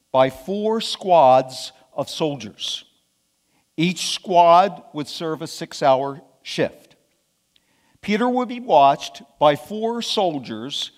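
A male preacher telling a scripture story in a sermon, deliberate and emphatic, asking rhetorical questions. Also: on the high side, long reverb tail.

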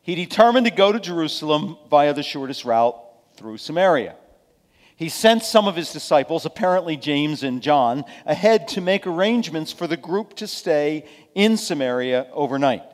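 Male preacher, bit high voiced, folksy and dramatic, long echo off the hall. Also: expressive, moderate pace. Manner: dramatic, swings between quiet asides and forceful emphasis; folksy, with sarcastic asides to listeners. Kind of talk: sermon.

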